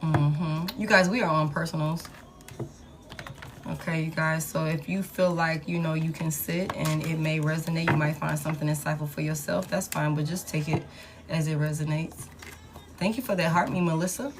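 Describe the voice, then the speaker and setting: A woman's voice: sits low, steady tone, moderate pace, background noise. Chatty woman reading tarot live. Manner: casual, chatty, talks to viewers and reads cards aloud. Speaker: tarot reader.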